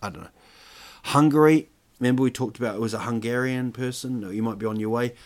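A man's voice: medium pitch, steady tone, rapid-fire, darkish tone. A man hosting a podcast in a casual, jokey, rambling monologue full of fillers. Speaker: podcast host.

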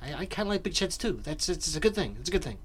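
A flirtatious woman, played by a performer, drawls through small talk on a date. Her pitch swoops widely. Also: sing-song, racing, breathy edge. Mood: chatty. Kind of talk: improvised comedy sketch.

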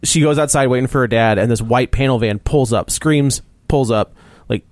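A man co-hosting a podcast, telling a story in casual chat with animated delivery and frequent laughs. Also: medium pitch, normal speed, no echo, clean studio sound. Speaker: podcast co-host.

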